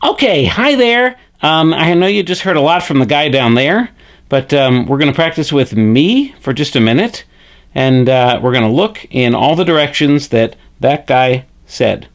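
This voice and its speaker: A man's voice: on the high side, lively intonation. A man voicing Frederick, a friendly male hand puppet who teaches puppetry basics on camera in a chipper way, often tagging "eh?". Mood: instructive. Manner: chipper, says "eh?" a lot, slow and deliberate.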